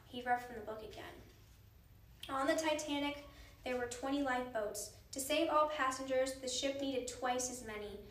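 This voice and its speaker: A woman reads a children's chapter book aloud, gentle and expressive, with a fairly high voice. The room is echoey and she sounds a bit away from the mic, with a faint hiss underneath. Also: moderate pace, distant mic. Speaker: reader.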